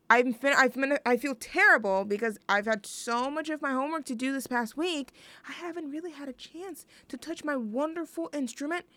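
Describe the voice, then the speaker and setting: A woman's voice: on the high side, sharp tone, no echo. A young woman hosting a student radio show, chatting casually between songs in a rambling, self-deprecating, jokey way. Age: young adult.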